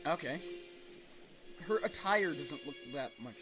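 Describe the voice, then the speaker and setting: A man's voice: a little high, animated, measured pace. A man playing through a story game and commenting on it, joking and poking fun at himself. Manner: joking, self-mocking asides. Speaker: let's play host. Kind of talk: gameplay commentary. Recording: game music behind voice.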